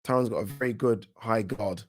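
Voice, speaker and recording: A man with a British accent giving casual live commentary on a boxing match for his channel, chatty and quick to react, often restarting his words. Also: fairly low pitch. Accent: British English. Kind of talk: live watch-along fight commentary.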